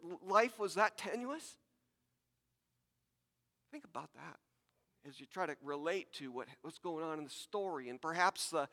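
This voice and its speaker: A man's voice: high-pitched, sharp tone, long reverb tail. A man preaching a sermon to his congregation, talking conversationally with repeated words and asides. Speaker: pastor.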